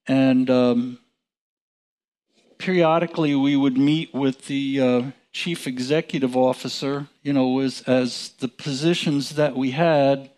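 Slow-talking man teaching scripture. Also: medium pitch, steady tone, darkish tone. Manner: slow, chuckling, conversational with restarts. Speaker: preacher. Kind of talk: casual Bible teaching.

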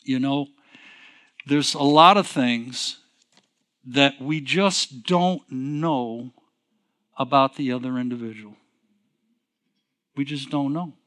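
Speaking slowly with frequent pauses, this male pastor has a medium-pitched, fairly bright voice. He rambles through a personal anecdote in a sermon, repeating himself and restarting again and again with "so anyways."

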